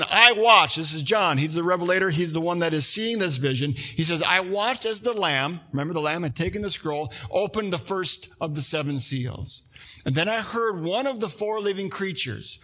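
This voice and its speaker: A man's voice: a little high, a bit bright. A man preaching a sermon as pastor, in a conversational way with asides and restarts.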